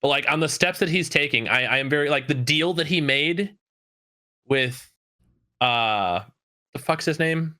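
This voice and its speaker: A man's voice: fairly high pitch, unhurried, long pauses, pushed and bright. A man co-hosting an anime podcast in casual chat, laid-back and rambling, swearing casually. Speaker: podcast co-host.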